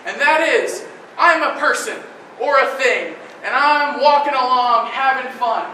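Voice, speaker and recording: A male comedian with a high, bright voice works through a crude observational bit with lots of energy. The club is very echoey and the mic sits far from him. A faint hiss stays under everything. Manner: crude, animated observational riffing. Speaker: stand-up comedian. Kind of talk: stand-up bit.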